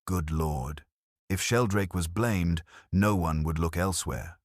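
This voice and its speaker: A man voicing a puzzled, startled gentleman who exclaims in surprise. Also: sits low, a little slow, no echo, clean studio sound.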